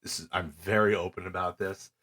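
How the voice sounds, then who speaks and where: A man's voice: low-pitched, a little fast. A middle-aged man co-hosting a podcast, recapping matches in casual chat and acting out the wrestlers' lines. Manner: animated storyteller, acts out quoted lines. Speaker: podcast co-host.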